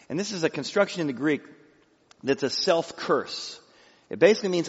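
Lively, dramatic male preacher. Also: fairly high pitch, brisk, husky, big-room sound, highs cut off. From Illinois, USA. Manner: dramatic storytelling, lively voice work. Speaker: pastor. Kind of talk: expository sermon.

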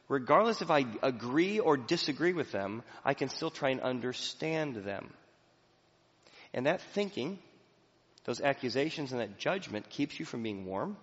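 Male pastor preaching in an echoey hall. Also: mid-range voice. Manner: conversational storytelling, animated. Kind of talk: sermon. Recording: echoey hall, dull lo-fi sound.

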